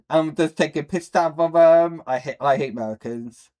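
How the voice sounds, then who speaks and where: A British man hosts a live stream in a loose, rambling way, answering viewers and dropping casual swears between plenty of fillers. He talks slowly, and his voice sits a touch high for a man. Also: a little mellow. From Britain.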